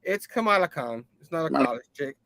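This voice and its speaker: A man hosts a loose comic book recap, paraphrasing the dialogue instead of reading it and breaking into laughs as he goes. His voice sits high and bright. The sound is dry and close, with no room around it. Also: lively intonation, very fast, no room sound. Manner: laughs often, repeats "you know what I mean"; loosely acts out characters' lines. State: hot and sipping a drink. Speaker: comic book review host.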